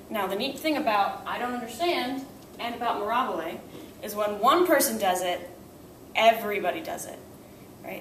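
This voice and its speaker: A woman's voice: mid-range voice, background noise. A young woman teaching a class, explaining methods step by step and often checking in with "right?". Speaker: language teacher. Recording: echoey room, voice far from the mic.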